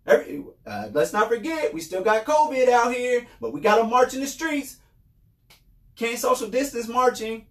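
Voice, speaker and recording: Heated high-voiced man in an echoey room. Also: big pitch swings, normal speed. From New York State. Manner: heated and repetitive, often raising his voice. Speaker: podcast host. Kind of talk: impassioned commentary monologue. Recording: roomy echo.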